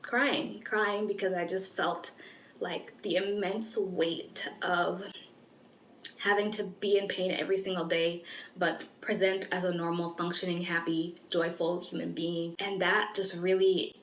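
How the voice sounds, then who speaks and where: Low-voiced young woman, roomy echo. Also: fairly even intonation, unhurried, a little hiss or hum. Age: 20s. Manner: candid, earnest, frequent "like" fillers. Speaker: medical student. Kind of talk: personal vlog storytelling.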